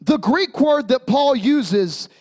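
Man preaching, high voice, unhurried, jokes then drives points home. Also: lively intonation, a little mellow. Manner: preaching with humor and emphatic repetition. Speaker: pastor. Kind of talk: sermon. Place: church sanctuary.

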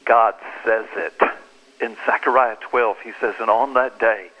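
Male author-pastor guest, bright voice, emphatic preacherly delivery. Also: on the low side, steady tone, a little slow, low-quality recording. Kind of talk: animated interview talk.

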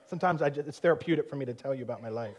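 A male pastor, probably in his thirties, preaching a sermon and telling a personal story with frequent laughter and self-mocking humor. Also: mid-range voice.

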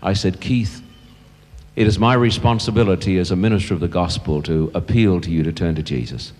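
An older man preaching a sermon as a pastor, telling a story earnestly and growing quiet and slow at the emotional moments. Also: low-pitched. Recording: long church reverb.

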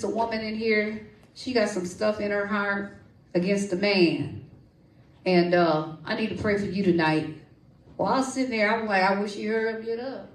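A woman preaching a lively sermon with testimony and prayer, calling out to her congregation and coaxing responses. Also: medium pitch, recorded from a distance. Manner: lively, call-and-response, folksy. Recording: echoey room, voice from off-mic.

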